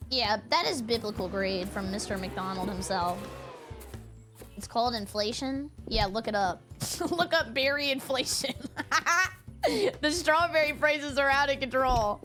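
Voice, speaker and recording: A woman streamer giving playful, excitable commentary while she plays a game, breaking into yelps and giggles. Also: on the high side, measured pace, soft background music. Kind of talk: casual gameplay commentary.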